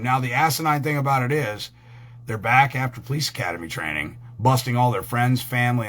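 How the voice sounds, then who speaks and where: A man's voice: mid-range voice, fairly bright tone. A man hosting a channel, giving a crude, rambling, heated rant full of swearing. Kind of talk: profane ranting talk.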